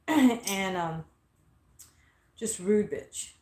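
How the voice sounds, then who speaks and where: A woman's voice: mid-range voice, lively intonation, extremely slow, a little mellow, roomy sound. Blunt, foul-mouthed woman ranting. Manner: blunt, profane, indignant. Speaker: host. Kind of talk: casual storytelling rant. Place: inside a car.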